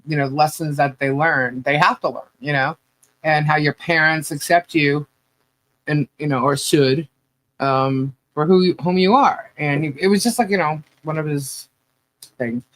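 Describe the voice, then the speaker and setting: Male podcast co-host, slightly high voice, loose chatty storyteller full of fillers. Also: fairly bright tone. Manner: rambling, filler-heavy storytelling with laughs. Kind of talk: casual chat.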